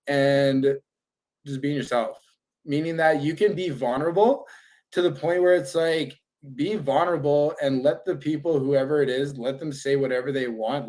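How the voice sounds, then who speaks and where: Podcast co-host, young man, mid-pitched, earnest and unfiltered in conversation. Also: darkish tone. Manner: earnest, reflective, swearing. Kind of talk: casual chat.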